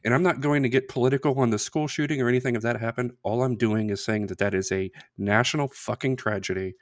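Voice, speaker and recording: A man's voice: mid-range voice, fairly even intonation, quick pace, no echo, studio quality. A man hosting a sports podcast who speaks in a blunt, indignant, profane way. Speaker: podcast host. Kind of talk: casual sports podcast rant.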